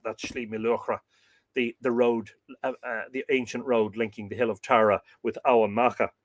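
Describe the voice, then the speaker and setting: A man reads an old myth aloud on his live show, his voice at an everyday middle pitch. The sound is dry and close, with no room echo. He shifts easily from measured reading into relaxed, hesitant asides. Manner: reads aloud, then breaks off into chatty, halting asides. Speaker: podcast host reading myths.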